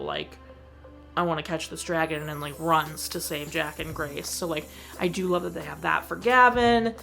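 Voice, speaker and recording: A young woman talks through a movie she loves in a casual, emotional review. Her voice sits fairly low with a gravelly fry, and she leans on "like" constantly as she gushes. Faint music plays behind her. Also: fairly bright tone. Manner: gushing and emotional, many "like" fillers.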